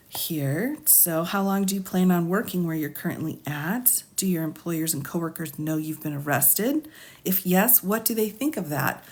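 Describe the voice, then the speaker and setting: Laughing woman reading a legal form live. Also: on the low side. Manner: reads form questions aloud, then comments with frequent laughs; asides, musing and thinking out loud. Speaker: attorney streaming live.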